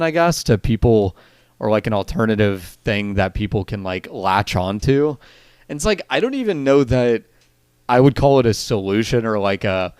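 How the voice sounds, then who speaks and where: A man's voice: medium pitch, dry recording, studio quality. A man co-hosting a casual gaming podcast, thinking aloud and rephrasing his points as he goes. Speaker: podcast co-host.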